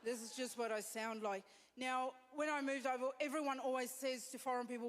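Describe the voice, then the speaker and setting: A woman's voice: on the high side, steady tone, brisk. A woman from South Africa with a South African accent, doing a blunt, self-deprecating stand-up set on a comedy stage. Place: comedy stage before an audience. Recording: live venue with long reverb and faint room noise.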